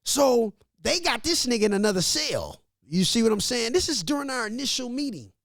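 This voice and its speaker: A man from Missouri, a podcast guest, telling a story in a casual, animated, profane way and acting out what others said. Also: very high-pitched, a little fast, creaky, dry recording, clean studio sound. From Grandview, Missouri. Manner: animated, profane, laughs often, acts out quotes.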